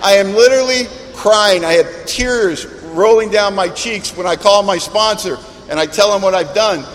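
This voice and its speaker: A middle-aged man speaking at a recovery meeting, telling a personal story in an animated, self-mocking way. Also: sits high, normal speed. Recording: reverberant hall, faint background noise.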